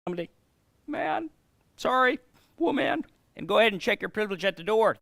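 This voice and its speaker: A man rants in an exaggerated, sarcastic comedy bit. His voice is high, bright and gravelly. Faint music plays underneath the clip. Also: big pitch swings, brisk.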